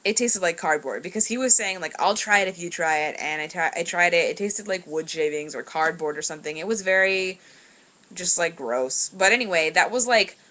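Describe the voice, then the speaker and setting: A woman's voice: on the low side, expressive, moderate pace, bright, forceful tone. A young woman telling a rambling story in a casual vlog, full of fillers and laughing as she goes, recorded on a webcam indoors at home. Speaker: vlogger.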